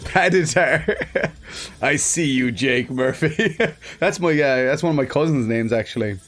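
A man's voice: medium pitch, measured pace, a bit bright, soft background music. An Irish man chatting casually on a live game stream, greeting viewers by name, laughing often and swearing freely. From Ireland.

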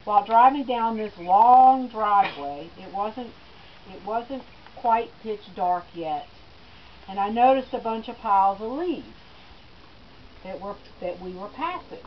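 A middle-aged woman speaks at a memorial, telling family stories and laughing softly. Her voice has an everyday middle pitch. The recording is dull and lo-fi, with a faint hiss. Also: expressive, unhurried. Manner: storytelling with gentle laughs. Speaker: daughter giving a eulogy. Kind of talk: personal eulogy speech.

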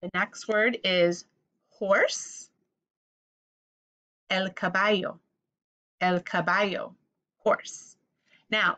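A woman's voice: medium pitch, steady tone, drawn-out words, pauses often, pushed and bright, rough recording. A woman teaching a vocabulary lesson for children, patiently repeating each word and inviting the listener to say it back.

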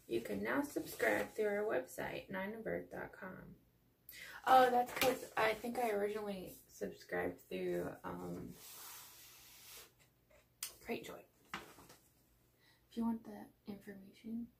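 A Texan woman chatting casually as she unboxes, gushing and chatty, sometimes dropping to soft near-whispers. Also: mid-range voice, fairly even intonation, takes it slowly, vocal fry, pauses often. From Texas. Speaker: unboxing vlogger. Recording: noisy home recording.

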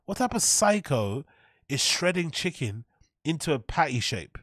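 A man's voice: on the high side, sing-song, a little slow, fairly bright tone, no room sound, studio quality. A man reacting to a cooking video in casual, mocking commentary, sarcastic and profane and laughing at his own jokes.

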